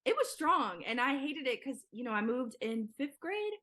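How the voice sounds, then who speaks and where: A woman's voice: high-pitched, sing-song, bright, forceful tone. A young woman guest in an interview, talking casually with lots of "like" and "yeah" fillers. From Nigeria. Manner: chatty, quick, many "like" and "yeah" fillers. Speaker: guest, filmmaker.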